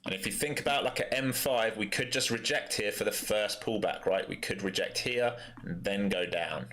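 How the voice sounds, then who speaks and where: A day trader from East London streams live, giving casual, blunt commentary on his trades and answering chat in a London accent. His voice is on the low side and fairly bright, at a normal speed.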